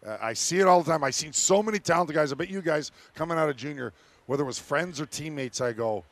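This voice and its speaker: A former hockey player on a sports talk panel, telling locker-room stories in a lively, animated way and laughing often. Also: male voice, on the high side, quick pace, dry recording.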